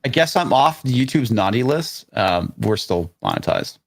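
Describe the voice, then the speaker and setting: A man's voice: medium pitch, very animated, moderate pace, gravelly, dry recording. A man hosting a casual live stream, reading news articles aloud and rambling between them with stammers and swearing. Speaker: livestream host.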